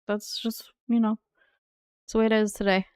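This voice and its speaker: A woman streamer talks casually to her live chat, playful and teasing and quick to laugh. Her voice is smooth and clear, with a middle pitch, and the sound is dry and close with no room echo. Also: level tone, darkish tone. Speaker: game streamer.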